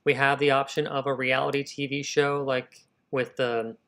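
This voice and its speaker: A man's voice: medium pitch, moderate pace. Man brainstorming aloud on a stream. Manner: energetic, thinking aloud, addressing viewers as y'all. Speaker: writer hosting a live writing session. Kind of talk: casual livestream talk.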